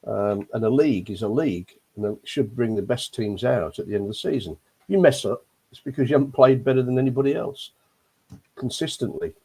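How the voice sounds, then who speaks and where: A man's voice: mid-range voice, animated, fairly quick, darkish tone, slightly rough. An older man from Leicester, grumbling his way through a rambling casual chat about football on a fan panel. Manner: grumbling, rambling with many ums.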